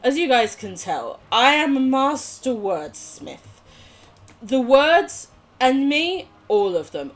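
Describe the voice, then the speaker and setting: A woman's voice: high voice, big pitch swings, a little slow, faint music behind. A young woman streaming a game, chatting casually with viewers, giggling and swearing. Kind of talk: casual live gameplay chat.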